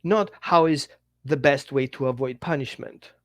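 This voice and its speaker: A man dog trainer giving an animated teaching talk straight to the viewer, in slightly non-native English, acting out little quotes as he goes. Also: medium pitch, moderate pace, no echo, studio quality. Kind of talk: direct-to-camera teaching talk.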